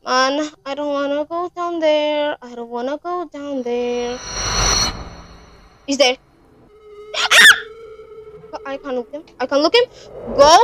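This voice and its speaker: High-voiced woman, panicky swearing gamer. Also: fairly bright tone. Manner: panicky, swears a lot, talks to viewers. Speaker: gaming channel host. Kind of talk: horror game playthrough commentary.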